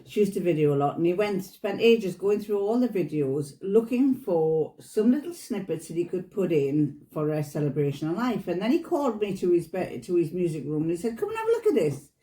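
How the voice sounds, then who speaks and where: A woman's voice: on the low side, animated, a little fast, hardly any pauses, mellow. A woman in her seventies, a vlogger chatting casually at home and telling stories with frequent laughs. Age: 70s. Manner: chatty storyteller, laughs often. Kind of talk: casual chat. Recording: echoey room.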